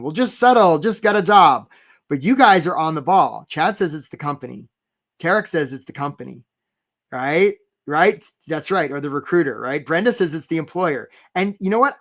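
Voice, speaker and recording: A man coaching job seekers in a live webinar, animated and talking straight to viewers by name, acting out little scenes in quoted voices. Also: medium pitch. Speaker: career coach.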